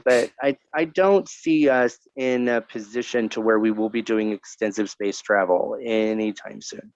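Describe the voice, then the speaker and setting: A man co-hosting a relaxed podcast who jokes and laughs a lot. His voice has a gravelly edge, and the recording is dry and a little dull. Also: lowish voice, measured pace, dry recording. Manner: jokey, laughs often. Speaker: podcast co-host. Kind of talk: casual joking chat.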